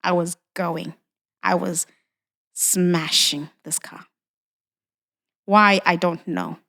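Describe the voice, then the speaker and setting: A woman's voice: fairly low pitch, fairly even intonation, slow, vocal fry, fairly bright tone. A woman guest on a podcast, telling a personal story with emotion and acting out dialogue, often saying "you know.".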